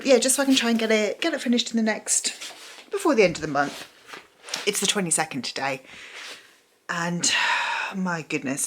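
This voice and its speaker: A woman's voice: lowish voice, a bit bright. Tired, chatty young woman vlogging. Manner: chatty, self-mocking, rambling. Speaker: book vlogger. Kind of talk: casual vlog chat. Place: home at night.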